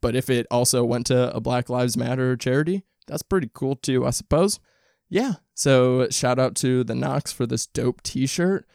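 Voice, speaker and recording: A man hosting a casual solo podcast, talking in a rambling, candid, profane way with many restarts. His throat is dry and rough today. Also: medium pitch, normal speed, darkish tone, dry recording. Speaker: podcast host.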